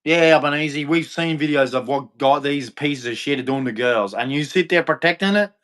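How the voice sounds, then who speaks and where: A man with an unusually high, bright-toned voice for a man, ranting on a livestream. He speaks in a heated, accusatory way, hammering the same points again and again with harsh, profane language. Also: normal speed. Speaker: livestream host. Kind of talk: angry livestream rant.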